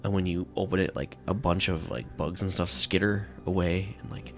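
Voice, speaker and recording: A man's voice: deep voice, moderate pace, soft background music. A man narrating a tabletop game as game master, rambling and filling with "like" and "um.". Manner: rambling, full of "like" and "um".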